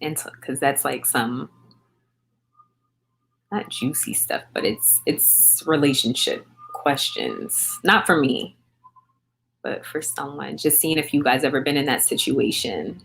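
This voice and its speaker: Woman, thirties, American accent, low voice, chatty livestream host answering viewers. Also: unhurried, vocal fry, pauses often, fairly bright tone, a little hiss or hum. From grew up in England on a US military base. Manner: chatty, greets viewers by name and answers chat comments. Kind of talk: casual livestream chat.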